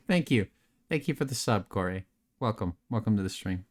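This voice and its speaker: Hosting a laid-back late-night stream, a young adult man with a fairly low voice rambles, jokes, and reads chat messages aloud, replying casually and without polish. He speaks at a measured pace with long pauses over soft background music.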